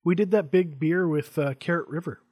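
A man's voice: fairly high pitch, brisk, darkish tone. A man hosting a casual interview over a video call, telling stories and mimicking people. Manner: chatty storyteller, does voices of people. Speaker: podcast host.

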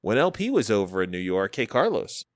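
A man's voice: lowish voice, big pitch swings, brisk, no room sound, studio quality. Profane, rambling male podcast host. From Florida, US. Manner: profane, digressive, laughs often, acts out quoted dialogue. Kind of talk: casual rambling monologue.

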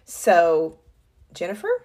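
A woman's voice: on the low side, wildly swooping pitch, slow, darkish tone. A woman co-hosting a casual business podcast, talking conversationally with fillers and self-corrections. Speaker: podcast co-host.

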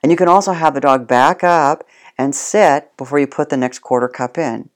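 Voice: mid-range voice, normal speed. Plain-spoken dog trainer explaining. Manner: plain-spoken, repeats and restarts, addresses the listener directly. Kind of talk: casual spoken instruction.

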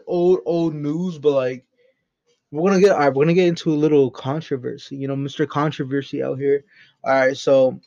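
A man hosts his first podcast solo, talking unscripted and off the cuff, rambling along with lots of swearing and jokes. His voice is fairly high-pitched and a little mellow, captured in a dull lo-fi recording.

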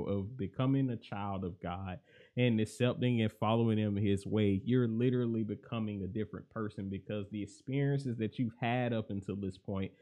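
A young man hosting a podcast, talking through faith and life in a mostly even, monotone way that livens up now and then. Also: fairly low pitch. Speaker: podcast host and life coach. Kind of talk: reflective faith podcast monologue.

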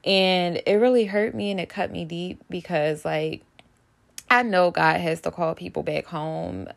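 A woman's voice: on the low side, unhurried, gravelly. A young woman talking straight to her viewers about a painful loss, earnest and emotional, holding back tears. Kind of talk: personal vlog about grief.

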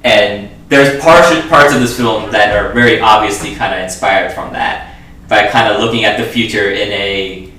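A man's voice: lowish voice, moderate pace, pushed and bright. A man discussing a film in casual talk, rambling with lots of fillers and restarts. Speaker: film podcast co-host. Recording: echoey room, voice far from mic.

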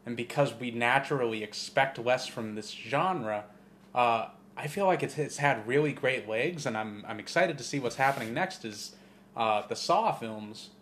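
A man co-hosting a podcast, telling movie stories in a profane, rambling, animated way. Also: mid-range voice, normal speed, a little hiss or hum. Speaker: podcast co-host. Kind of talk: casual chat.

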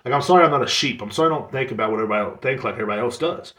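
A man's voice: medium pitch, very fast, a bit bright. A young man hosting a podcast, ranting sarcastically and swearing often. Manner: swearing, sarcastic, mocks others in put-on voices. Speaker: podcast host. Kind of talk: casual ranting monologue. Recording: echoey room.

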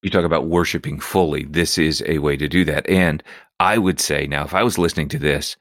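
A man's voice: rumbling low, steady tone, a little fast, a bit bright, no echo, studio quality. A man hosting an interview podcast, introducing his guest and asking questions with open enthusiasm. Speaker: podcast host.

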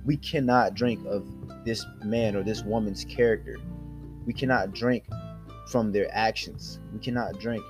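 A man hosting a devotional podcast, earnestly exhorting his listeners and addressing them directly. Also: lowish voice. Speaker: podcast host.

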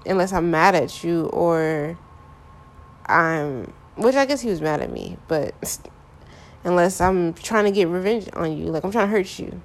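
A woman's voice: lowish voice, measured pace. A young woman talking candidly about her relationships in a casual, frank monologue full of filler phrases.

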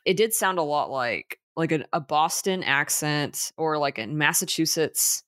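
A woman's voice: low-pitched, lively intonation, unhurried, a bit bright, no echo, studio quality. A woman co-hosting a casual movie podcast, chatty, with lots of fillers and restarts. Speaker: podcast co-host.

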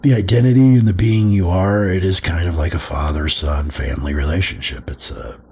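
A man's voice: deep voice, a little fast, a little mellow, husky. A man hosting a podcast, talking casually about spirituality, acting out quoted voices and swearing freely. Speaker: podcast host.

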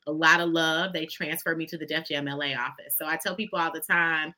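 Female guest, pitched low but bright and lively in timbre, warm folksy storyteller. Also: brisk. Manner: expressive, folksy, addresses listeners as "y'all". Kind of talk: conversational storytelling.

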